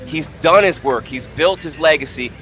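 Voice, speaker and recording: A man hosting a combat sports talk show, talking in an animated, opinionated way and telling anecdotes. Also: a little high, moderate pace, faint music behind. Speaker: host. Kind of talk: casual combat sports commentary.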